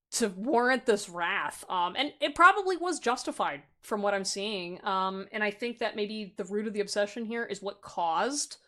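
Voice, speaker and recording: A young adult woman giving a casual pick-a-card tarot reading, chatty and excitable, breaking into loud laughs. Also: medium pitch. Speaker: tarot reader.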